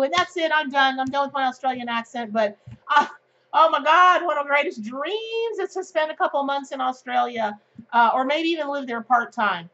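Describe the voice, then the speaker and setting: A bubbly, excitable woman talks her viewers through a daily tarot card pick in a chatty way, with plenty of filler words. Her voice sits a little high. The recording is a bit dull and lo-fi. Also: normal speed. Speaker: tarot reader. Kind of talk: daily tarot reading to camera.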